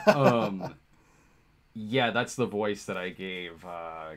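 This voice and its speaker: A man's voice: deep voice, takes it slowly. A man co-hosting a livestream, reading viewer questions and rambling casually with lots of fillers. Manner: rambling, filler-heavy, laughs often.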